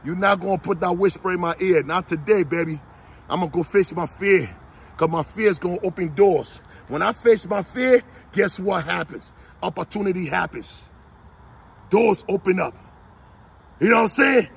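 Raspy man, fiery motivational speaker, high-pitched, gravelly shouts. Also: moderate pace. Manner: preachy, repetitive, shouted exhortations.

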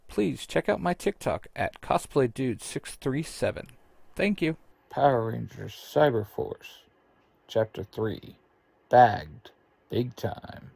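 A man's voice: mid-range voice, gravelly, dark tone, no echo. A man narrating his own fan story aloud and reading every character's lines in his own voice.

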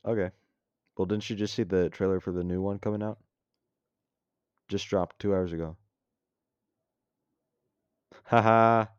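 Deep-voiced man reading his own story. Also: fairly even intonation, normal speed, pauses often, mellow, smooth, dry recording, highs cut off. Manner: casual, dry, stops to retake lines. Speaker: podcast host and story reader. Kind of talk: reading a self-written story aloud.

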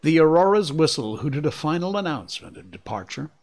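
A man narrating a classic adventure novel in a deliberate storytelling manner. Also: fairly high pitch, animated. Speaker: audiobook narrator.

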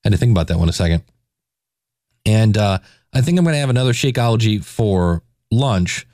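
A man's voice: on the low side, lively intonation, fairly quick, warm tone, no room sound, clean studio sound. A man in his forties hosting a casual solo podcast, talking in a self-deprecating, joking way. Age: 40s. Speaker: podcast host.

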